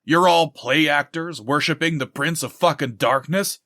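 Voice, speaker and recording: A man voicing a frightened, outraged ordinary man who protests loudly. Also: on the high side, moderate pace, dry recording, studio quality. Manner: protesting, shouting.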